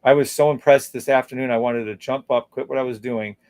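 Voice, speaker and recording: A man with a medium-pitched, darkish voice speaks briskly and fairly evenly in a dry recording. He's hosting a live trading stream, walking viewers through charts in a casual, upbeat, salesy way and reading out their comments. As he scrolls the charts, he hums and scats little tunes.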